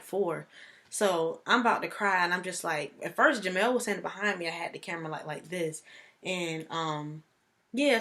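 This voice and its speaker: A young woman vlogging casually, telling a personal story in a chatty, animated way. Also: on the low side.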